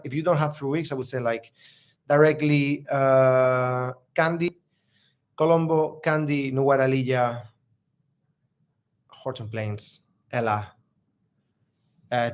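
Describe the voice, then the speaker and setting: Man, travel vlogger, casual live Q&A, rambling, filler-heavy, upbeat and friendly. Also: medium pitch. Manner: friendly, upbeat, laughs easily.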